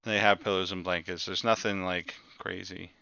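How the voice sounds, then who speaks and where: A man's voice: sits low, flat delivery, moderate pace, vocal fry, sharp tone, clean tone, dry recording, muffled recording. A man running a tabletop game as game master, explaining in a rambling way and repeating words as he goes.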